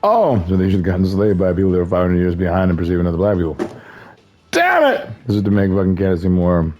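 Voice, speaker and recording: A man's voice: low-pitched, racing, warm tone, highs cut off, a little hiss or hum. A man streaming a game, rambling loosely, swearing and laughing often. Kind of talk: rambling gameplay commentary.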